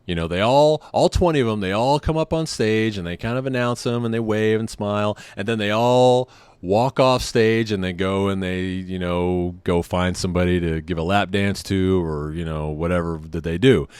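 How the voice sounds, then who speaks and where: A man's voice: sits low, steady tone, moderate pace, darkish tone, smooth, dry recording. A man hosting a podcast, telling a casual, self-deprecating story in a rambling way with frequent laughs. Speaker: podcast host.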